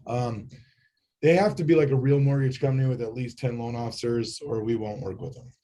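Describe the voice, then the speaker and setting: A man taking part in a training session, explaining his work in a relaxed, easygoing way. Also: mid-range voice, fairly quick. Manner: relaxed, hedging with fillers. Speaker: participant from a lending tech firm. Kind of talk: casual discussion in class.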